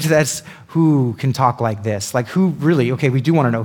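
A man teaching a Bible passage in a relaxed, chatty way. His pitch sits in the middle for a man, and he keeps tossing quick asides to his listeners. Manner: chatty, lots of "like" and "right?" asides.

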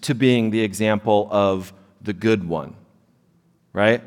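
A man's voice: fairly low pitch, measured pace. A man in his thirties preaching a sermon in church, conversational and self-deprecating, with frequent "right?" asides. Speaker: pastor. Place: church sanctuary. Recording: long hall reverb.

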